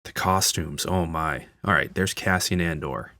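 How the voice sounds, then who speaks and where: Deep-voiced man chatting through a film. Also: unhurried, bright, forceful tone, dry recording. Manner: chatty, enthusiastic fan, frequent fillers. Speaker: channel host. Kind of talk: casual film audio commentary.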